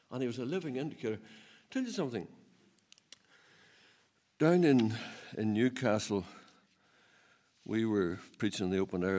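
A man preaching a sermon, swinging between loud emphatic peaks and low, quiet asides, with a chuckle now and then. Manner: laughs while telling stories.

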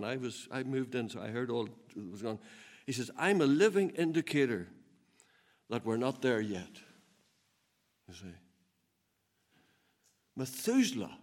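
A man preaching a sermon, swinging between loud emphatic peaks and low, quiet asides, with a chuckle now and then. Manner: laughs while telling stories.

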